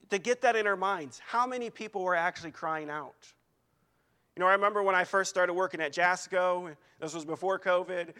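A young man preaching at a youth service, reading scripture aloud and telling animated personal stories. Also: high-pitched. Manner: animated storytelling that mimics crowds.

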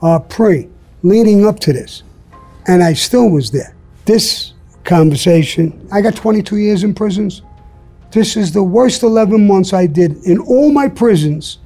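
A man's voice: sits high, animated, measured pace, warm tone, faint music behind. An older man, telling blunt, profane stories as an interview guest. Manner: blunt, profane, streetwise storytelling. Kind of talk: storytelling interview.

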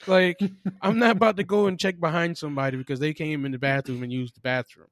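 A man's voice: on the high side, steady tone, fast, no echo, clean studio sound. A man co-hosting a podcast, telling a work story in casual chat, cursing freely and acting out both sides of an argument. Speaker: podcast co-host.

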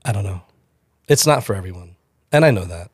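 A man's voice: deep voice, lively intonation, a little fast, slightly rough, no room sound, clean studio sound. A man from South Florida, a pastor co-hosting a podcast, easygoing and enthusiastic in casual chat, with many fillers.

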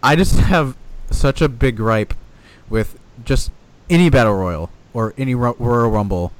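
Animated, cursing man ranting on a podcast. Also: medium pitch, measured pace. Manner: animated, swears often, rants with exasperation. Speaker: podcast co-host. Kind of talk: casual wrestling podcast chat.

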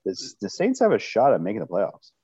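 A man co-hosting a casual sports betting chat who chimes in with excitable asides. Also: lowish voice, brisk, lo-fi sound, crowd noise. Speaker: podcast co-host.

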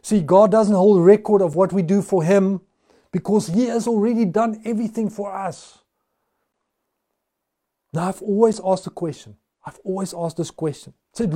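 High, mellow-voiced male pastor preaching. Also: moderate pace. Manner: conversational storytelling preaching with frequent restarts. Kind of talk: sermon.

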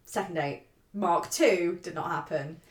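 A woman's voice: on the low side, unhurried. Chatty woman telling a dating story. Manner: swearing, animated storyteller, acts out her own quotes. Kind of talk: casual chat. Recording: echoey room.

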